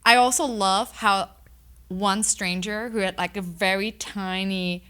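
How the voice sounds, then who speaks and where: A woman's voice: medium pitch, fairly even intonation, measured pace, sharp tone, clean tone. A woman guest on a podcast, talking in an enthusiastic, affirming way. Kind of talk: casual interview chat.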